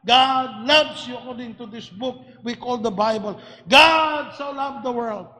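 A man delivers a sermon at a measured pace in a very high voice, climbing from quiet speech to shouted emphasis and frequently restarting words as he builds each point. The recording carries a long hall reverb.

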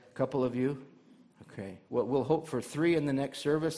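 A man's voice: medium pitch, fairly quick, noisy background. A male pastor delivering a conversational sermon to his church, asking the congregation rhetorical questions and adding light humor.

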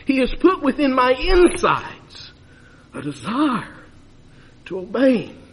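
Male preacher, emphatic sermon, high husky voice, long reverb of a church. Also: wildly swooping pitch, takes it slowly. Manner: emphatic, swinging between loud urging and hushed lows.

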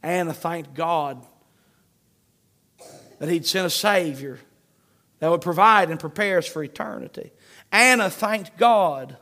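Between points, this high-voiced pastor reads scripture aloud, and his sermon leans on repetition to press each idea. The delivery is emphatic and steady yet a little slow, with long pauses.

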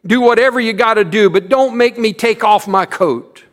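A man's voice: a little slow, lightly acted. A man doing a pleading, tearful little boy. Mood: wailing, begging. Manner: begging, high and loud. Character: poor ten-year-old boy, tearful and pleading.

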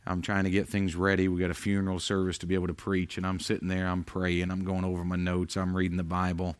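A middle-aged man preaching a sermon as pastor, earnest and confessional, rising loud then dropping quiet. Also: low-pitched, monotone, fast talker, clear, resonant tone, no room sound.

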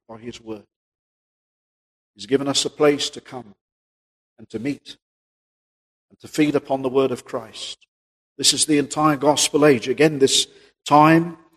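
Husky-voiced male preacher in a reverberant hall. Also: mid-range voice. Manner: rhetorical questions, rises and drops in volume. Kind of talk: sermon.

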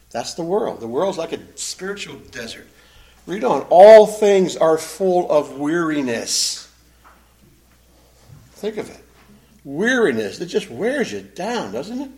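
A man preaching a sermon, reading scripture aloud with rising force and dropping to a low, quiet voice for his own asides. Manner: swells loud and slows when reading scripture, drops low and quiet on asides. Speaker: pastor.

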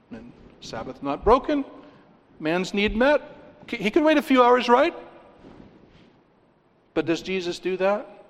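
Emphatic preacher in a reverberant hall. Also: male voice, very animated, slow pace, long pauses. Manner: emphatic preaching, rising on key points, drops low and quiet to stress. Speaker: pastor. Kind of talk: sermon.

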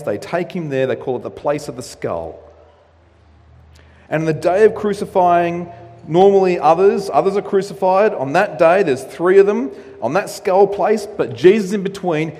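Male pastor, slightly high-pitched, animated sermon delivery, long hall reverb. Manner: animated preaching with acted-out quotes.

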